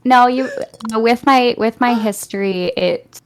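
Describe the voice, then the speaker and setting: A woman's voice: on the high side, measured pace. A woman playing a tabletop game, easygoing as she explains her plan. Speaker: player. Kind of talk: casual game chat.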